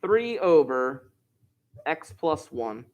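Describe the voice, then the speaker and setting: In a fairly high, sing-song voice with drawn-out words, a math teacher runs a live online algebra lesson. He explains steps, jokes, and chats with the students.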